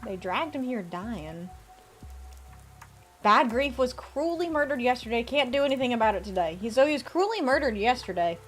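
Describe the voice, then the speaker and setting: A woman's voice: on the high side, animated, normal speed. A woman streaming a game live, chatting playfully with viewers and reading the game's text aloud. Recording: faint music behind.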